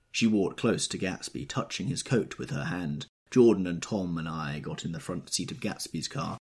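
A man reading an audiobook in scripted narration, expressive and measured. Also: sits low, breathy edge.

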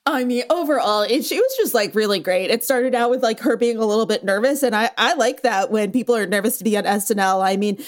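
A woman's voice: a little high, fast talker, hardly any pauses. Chatty woman hosting entertainment news. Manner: chatty, laughs often, breezy recaps. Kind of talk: casual chat.

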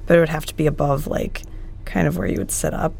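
A woman with a fairly low voice and a gravelly, creaky edge chats casually as a podcast co-host. She rambles in a playful, jokey way. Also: fairly even intonation, fast, darkish tone. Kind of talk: casual chat.

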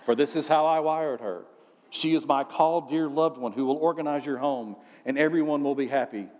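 A man's voice: a little high, brisk, a little mellow, big-room sound, lightly acted. A man preaching jokingly voices God, speaking in a mock-solemn, reassuring way. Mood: playful. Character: reassuring divine voice, male, joking.

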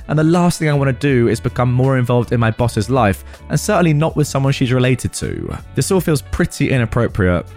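A man narrates an online post in a conversational, storytelling manner, his pitch swinging widely as he reads. He drops in wry asides of his own between passages. Faint music plays quietly under his voice. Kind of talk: reading a forum post aloud with commentary.

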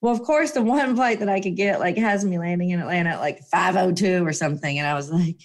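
A woman telling a personal story in a chatty, emphatic way, her voice jumping up when excited. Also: fast, few pauses. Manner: chatty, animated, emphatic with swings up in pitch. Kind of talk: casual storytelling monologue.

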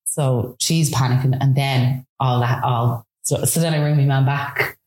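A woman in her thirties with an Irish accent, telling a personal story in a chatty, animated way with lots of fillers. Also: a bass voice, normal speed, reverberant. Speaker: guest. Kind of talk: casual storytelling.

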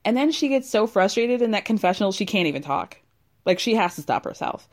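Young woman ranting about a tv episode, swears a lot, super exasperated, mid pitch. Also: a little fast. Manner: exasperated, profane, animated ranting. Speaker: reality TV recapper. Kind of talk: casual recap.

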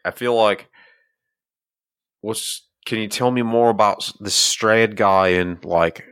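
A man's voice: lowish voice, takes it slowly, fairly bright tone, clear, resonant tone, no echo, clean studio sound. A man playing his character in a tabletop game, blunt and wry. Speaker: player.

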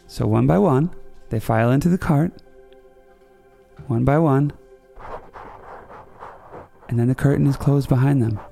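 A man's voice: medium pitch, vocal fry, dark tone, slightly rough. A man hosting a comedy podcast, telling a rambling story in a playful way and correcting himself as he goes. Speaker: podcast host. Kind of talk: comic storytelling.

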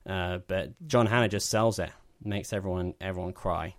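A man hosting a film podcast in an easygoing, rambling way. His voice sits very low and he jokes in a dry, self-mocking tone. The sound is close and dry. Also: normal speed, no room sound. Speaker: podcast host. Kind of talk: casual chat.

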